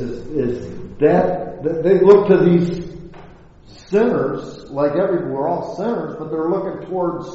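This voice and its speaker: A man's voice: fairly high pitch, warm tone. A man giving an informal, folksy Bible talk that rambles along and is full of rhetorical questions. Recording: echoey hall, dull lo-fi sound, faint hiss.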